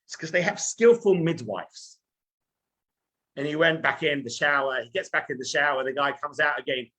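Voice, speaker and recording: A husky, bright-toned rabbi who gives a sermon in an animated, storytelling way. His voice sits a little higher than most men's, and he keeps turning to his listeners. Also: normal speed.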